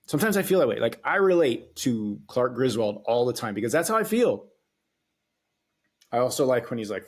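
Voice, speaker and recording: A man's voice: medium pitch, very animated, normal speed. A man hosting a solo podcast, talking in a casual, rambling way, swearing freely and hesitating often. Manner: rambling and profane, with frequent hesitations. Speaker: podcast host.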